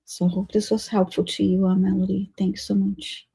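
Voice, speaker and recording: A woman giving psychic readings on a live stream, speaking haltingly with many fillers. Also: medium pitch, flat delivery, gravelly, mellow, slightly rough. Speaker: psychic reader and co-host.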